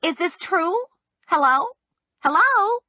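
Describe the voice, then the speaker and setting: A woman's voice: high voice, huge pitch swings, takes it slowly, bright, forceful tone, no room sound, pitched above the performer's own voice, full character voice. A woman voicing a fretful older mother leaving an urgent phone message, her voice raised and insistent. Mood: alarmed.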